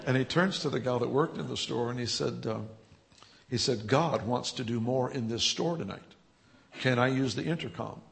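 Church leader, male, gravelly voice, interview storytelling with chuckles, builds to lively energy. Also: medium pitch, normal speed. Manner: storytelling, chuckling, grows animated and loud. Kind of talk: telling healing testimonies in an interview.

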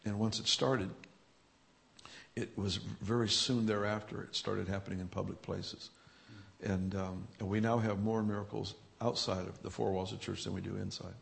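Church leader, male, gravelly voice, interview storytelling with chuckles, builds to lively energy. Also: fairly low pitch, moderate pace. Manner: storytelling, chuckling, grows animated and loud. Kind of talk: telling healing testimonies in an interview.

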